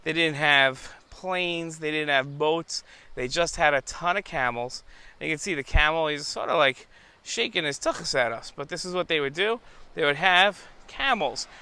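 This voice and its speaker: A man's voice: a little high, pushed and bright, a little hiss or hum. A man hosting a children's show outdoors, talking chattily and straight to young viewers. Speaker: kids' show host.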